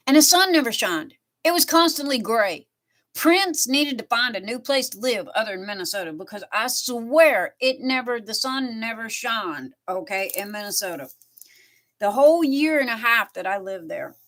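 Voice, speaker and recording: Crafting on a home livestream, this woman from the southern United States rambles casually from one story to the next. Her voice sits in the middle range, bright and forceful, and her storytelling is chatty and meandering.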